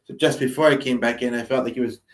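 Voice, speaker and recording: Guy just rambling on, thoughtful, lots of pauses, echoey room, mic a ways off. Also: medium pitch, steady tone. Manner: meandering, hesitant, reflective. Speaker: vlogger, spiritual channeler. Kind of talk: casual rambling monologue. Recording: roomy, distant mic.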